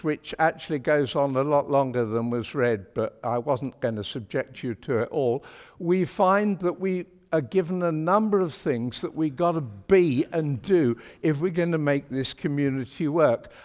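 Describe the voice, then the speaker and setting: A man delivers a sermon in a chatty, wry way, pressing hard on his key points. His voice runs somewhat high for a man. The church around him adds a long, hanging reverb. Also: lively intonation, unhurried, darkish tone. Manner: chatty, wry and emphatic, with homely British turns of phrase. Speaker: preacher.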